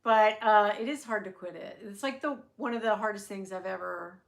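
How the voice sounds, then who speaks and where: A woman, hosting her handbag channel's livestream and chatting casually, telling stories with quick asides to her viewers. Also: mid-range voice, creaky.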